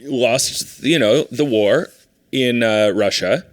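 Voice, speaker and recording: A man's voice: slow, no room sound, studio quality. A man co-hosting a comedy podcast, chatting casually and playfully with his roommate. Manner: playful, riffs into high silly voices. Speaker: podcast co-host. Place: apartment podcast setup.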